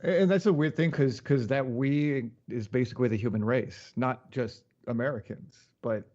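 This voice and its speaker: A man's voice: medium pitch, normal speed, a little mellow, muffled recording. A man who is a podcast guest, chatting casually and thinking aloud, repeating and stumbling over his words. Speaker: podcast guest, tech expert. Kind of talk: casual chat.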